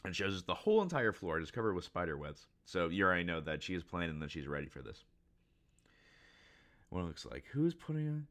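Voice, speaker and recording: A man hosting a casual reaction to a comic chapter, rambling excitedly with many fillers and reading lines aloud. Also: low voice, fast. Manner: reads character lines aloud with mild voice shifts. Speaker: channel host.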